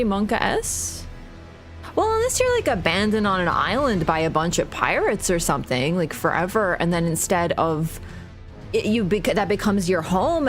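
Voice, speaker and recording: A woman livestreaming a game, chatting casually to her viewers in a rambling, joking way that is full of swearing. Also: medium pitch. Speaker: gaming livestreamer. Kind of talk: casual stream chat.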